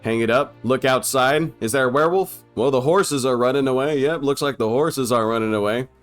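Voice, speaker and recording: A man's voice: medium pitch, brisk, faint music behind. Young guy cracking jokes over an old movie, swears a lot, keeps laughing. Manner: irreverent, profane, laughing often. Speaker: film commentator. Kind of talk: casual comedic riffing over a film.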